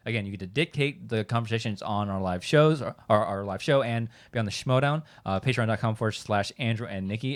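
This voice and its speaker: A man co-hosting a relaxed fan chat show, speaking in a middle register. He rambles, stops and restarts his sentences, and leans on fillers as he works through his point. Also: mid-range voice. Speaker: podcast co-host. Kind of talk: casual chat.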